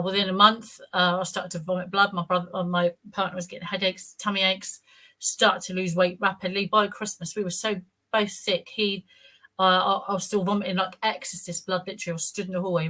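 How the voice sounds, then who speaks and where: A woman's voice: fairly low pitch, level tone, fast talker, pushed and bright. A woman telling her own story in a rambling, casual way, repeating words and acting out what others said. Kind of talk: casual personal account.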